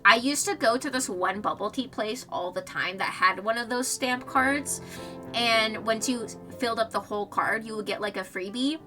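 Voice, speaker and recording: A woman's voice: fairly high pitch, moderate pace, sharp tone. A young woman in her twenties streaming, reading a visual novel aloud with chatty, rambling asides. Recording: distant mic, faint music behind.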